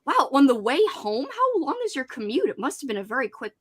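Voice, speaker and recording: A woman's voice: sits high, sing-song, brisk, fairly bright tone, slightly rough. A woman hosting a casual livestream hangout, chatty and giggly, reading out viewers' comments. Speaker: host. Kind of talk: casual livestream chat with guests.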